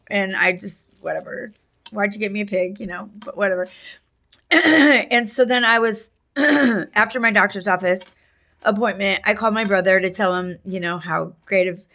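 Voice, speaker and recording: Slow-talking woman telling a rambling story. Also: medium pitch, fairly bright tone. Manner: rambling, with many fillers and restarts. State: allergies, clearing her throat. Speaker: vlogger telling a personal story. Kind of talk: casual storytelling monologue.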